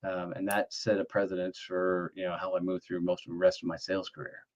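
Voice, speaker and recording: A middle-aged former Marine from Texas speaks in a deep voice, a little fast, on a dull lo-fi recording. As a guest in a casual interview he tells animated stories with salty language, acting out the dialogue.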